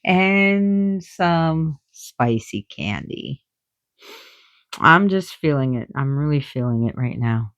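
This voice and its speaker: Slow-talking excitable woman teacher. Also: low voice, no room sound. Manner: excitable, giggly, jumping between soft whispers and loud bursts. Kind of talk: casual explanatory talk.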